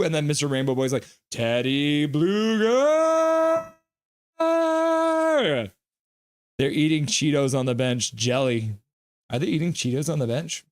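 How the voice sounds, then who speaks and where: A young man on a live stream, calling hockey play and reading chat aloud with excitable, goofy delivery. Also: mid-range voice.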